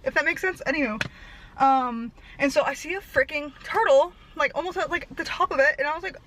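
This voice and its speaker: A young woman vlogger telling a rambling story fast and out of breath, laughing at herself. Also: high voice, fairly bright tone, a little hiss or hum, low-quality recording. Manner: breathless, fast-talking, self-deprecating.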